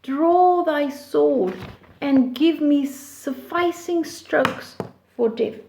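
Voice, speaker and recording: A woman's voice: sits high, creaky, a little mellow, heavily acted. Woman reading a dying Roman general. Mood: solemn dying. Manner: slow, measured verse reading. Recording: roomy echo.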